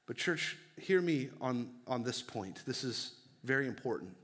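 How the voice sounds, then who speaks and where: A man's voice: medium pitch, lively intonation, measured pace, hardly any pauses, fairly bright tone. A young man preaching a sermon as pastor, earnest and conversational, with casual fillers between points.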